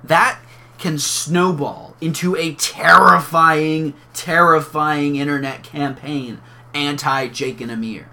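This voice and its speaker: A young man co-hosting a podcast, chatting casually and jokingly, swinging between loud bursts and mumbling. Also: on the high side, fairly even intonation, slow pace. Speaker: podcast co-host. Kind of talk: casual chat.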